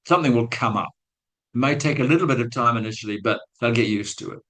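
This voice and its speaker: A man's voice: mid-range voice, fast, a bit bright, rough recording. A man giving a webinar talk to teachers, telling a classroom story in a chatty, self-mocking way with acted-out quotes. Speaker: guest speaker on language teaching.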